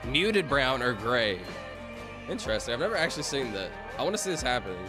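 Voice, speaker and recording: Lively rambling male streamer. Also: mid-range voice, fast, music in the background. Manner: rambling, self-interrupting, reads chat aloud. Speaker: livestreamer. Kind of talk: casual livestream chat.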